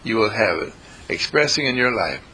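A man's voice: on the low side, sing-song, moderate pace, sharp tone, slight background noise, rough recording. A man giving an inspirational spiritual talk in a folksy, repetitive way, chuckling as he preaches. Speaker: spiritual speaker.

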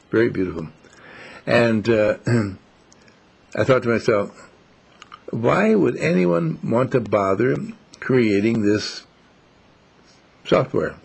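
A man giving a slow, musing, reflective monologue, telling stories as he goes. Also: on the low side, creaky, darkish tone, slightly rough. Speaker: speaker.

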